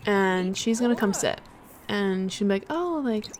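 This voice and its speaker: Soft-spoken woman narrating a game over loud sound. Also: mid-range voice, fairly even intonation, moderate pace, background noise. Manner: chatty, lots of fillers. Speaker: gaming channel host. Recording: loud game audio underneath.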